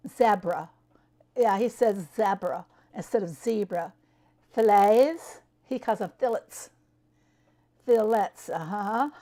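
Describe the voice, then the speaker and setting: A woman's voice: a little high, a little mellow. A woman streaming a farming game, chatting casually with her viewers, answering them by name and laughing often. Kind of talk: casual live-stream chat.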